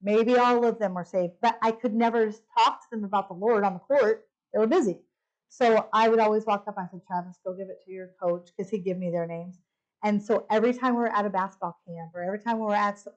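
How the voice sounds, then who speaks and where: A woman's voice: mid-range voice, highs cut off. A middle-aged woman giving a testimony talk at a women's retreat, telling stories and acting out the dialogue. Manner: lively storytelling, acting out dialogue. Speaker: retreat speaker.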